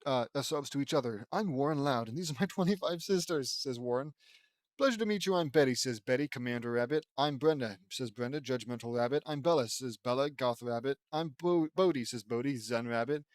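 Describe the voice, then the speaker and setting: A man's voice: mid-range voice, a little fast, hardly any pauses, no echo. A man reading a fan-fiction audiobook aloud, stumbling over words and breaking in with sarcastic asides.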